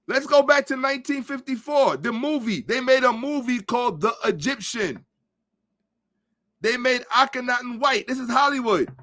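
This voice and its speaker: A podcast host with a very high, sharp voice gives a ranting monologue of social commentary. Blunt and emphatic, he swears as he lectures his listeners.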